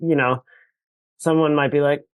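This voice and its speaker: A man's voice: fairly high pitch, steady tone, normal speed, smooth, no room sound. A man guesting on a podcast, chatting in a self-deprecating way and often trailing off mid-thought. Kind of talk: casual comedic chat.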